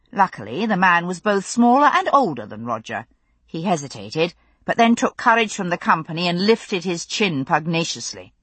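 Husky, expressive woman audiobook narrator. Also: lowish voice, dry recording. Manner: expressive storytelling. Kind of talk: scripted novel narration.

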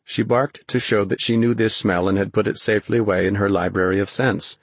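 A man reads a novel aloud in measured, even storytelling. His low voice is husky and slightly rough. The sound is close and dry, with no room around it. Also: no room sound. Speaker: audiobook narrator. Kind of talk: scripted narration.

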